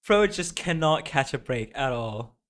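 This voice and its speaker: A man streaming a game, reading its dialogue aloud and reacting with excitable, rambling restarts. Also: mid-range voice, unhurried.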